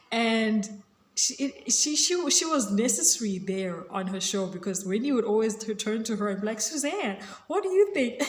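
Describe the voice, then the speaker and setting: A woman's voice: medium pitch, echoey room, a little hiss or hum. A woman from Africa, chatting casually to camera in a gushing way, full of "like" and "you know". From South Africa. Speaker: vlogger.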